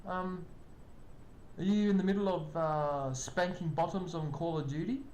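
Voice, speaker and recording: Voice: measured pace, darkish tone, dull audio. An older streamer, chatting casually with live viewers and greeting them by name. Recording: echoey room, faint rumble.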